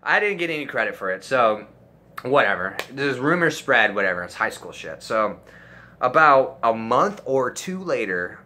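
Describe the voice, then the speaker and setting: A man telling a personal story in a crude, animated way, swearing freely. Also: medium pitch, a little hiss or hum. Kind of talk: profane comic storytelling.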